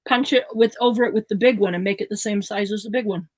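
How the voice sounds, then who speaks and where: A woman chatting casually with her co-host during a craft session, lively and quick to laugh. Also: medium pitch, no echo, rough recording. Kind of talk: casual chat while crafting.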